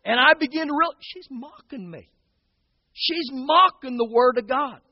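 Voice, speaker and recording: A man's voice: extremely high pitch, animated, normal speed, dry recording, long reverb tail, lo-fi sound. A man preaching a sermon as pastor, talking to the congregation in a conversational way and often checking in with "okay?" and "guys".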